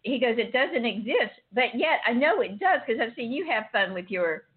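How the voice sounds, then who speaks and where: A woman hosting a casual chat, telling lively stories and acting out dialogue with laughter. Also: on the high side, moderate pace, breathy edge. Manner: animated storyteller, acts out dialogue with laughter. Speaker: host. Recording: tinny phone line.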